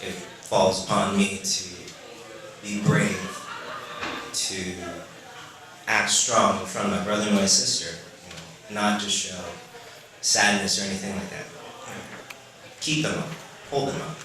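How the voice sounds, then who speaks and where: Halting man in an echoey hall. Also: low-pitched, level tone, a crowd in the background. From Philippines. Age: late 30s. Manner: halting, leans on "you know" fillers. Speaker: storyteller. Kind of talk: live personal storytelling. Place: stage before a live audience. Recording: very echoey room with audience.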